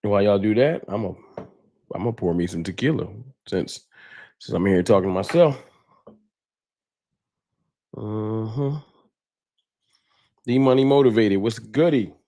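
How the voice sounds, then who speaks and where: A man's voice: fairly low pitch, unhurried, pauses often, dark tone. A man hosting a fan livestream, casually greeting viewers by name in laid-back slang.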